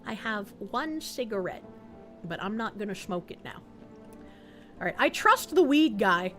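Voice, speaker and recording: A woman's voice: medium pitch, animated, a little slow, a bit bright, soft background music. A woman streamer giving playful, swearing gaming commentary and reading chat.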